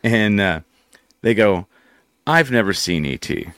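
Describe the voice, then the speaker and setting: A middle-aged man hosting a casual talk show, telling animated anecdotes and swearing freely. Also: lowish voice, measured pace, no echo, studio quality. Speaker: podcast host. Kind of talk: casual chat, storytelling.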